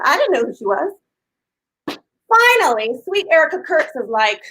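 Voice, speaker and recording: A woman in her fifties hosting a casual live stream, gushing and talking loudly to her viewers. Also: sits high, big pitch swings, moderate pace, long pauses, low-quality recording. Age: 50s. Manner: effusive and gushing, talks loudly.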